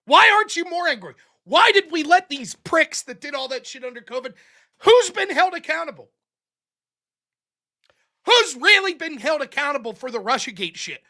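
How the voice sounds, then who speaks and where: A man hosting a livestream rants angrily about politics, swearing often and firing off rhetorical questions. His voice is extremely high-pitched, sing-song, pushed and bright, at normal speed.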